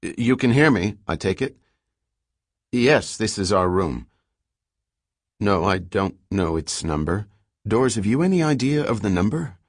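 A man's voice: fairly low pitch, lively intonation, measured pace, long pauses, no room sound, studio quality. A man playing an earnest, wry male scholar who gets insistent and exasperated, read in an audiobook. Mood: polite.

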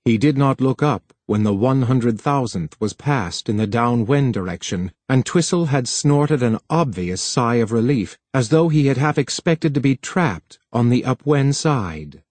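A man with a mid-range voice narrates an audiobook from a script, reading in a steady, measured way. There's no room sound.

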